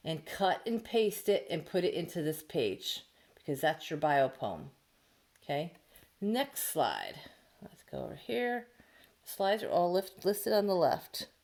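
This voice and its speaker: A woman teacher at home giving a remote lesson to children, explaining each step slowly and patiently. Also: lowish voice, warm tone. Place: home, near the dining room.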